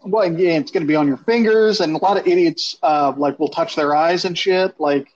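A man casually telling a long, profane story, animated and acting out what people said. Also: on the high side, moderate pace. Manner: animated, profane, acts out quotes. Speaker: storyteller on a podcast. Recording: dull lo-fi sound.

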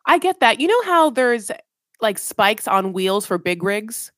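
A woman's voice: on the high side, big pitch swings, measured pace, fairly bright tone, no echo, studio quality. A woman co-hosting a casual podcast recapping a reality TV show, teasing and sarcastic with mock-dramatic asides. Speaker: podcast co-host.

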